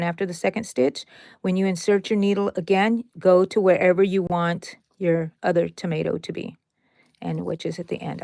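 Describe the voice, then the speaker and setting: Chatty woman with a gravelly edge. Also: on the low side, darkish tone, dry recording, studio quality. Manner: chatty and playful, with sound effects and asides to viewers. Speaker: crochet tutorial host. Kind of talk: casual step-by-step crochet demonstration.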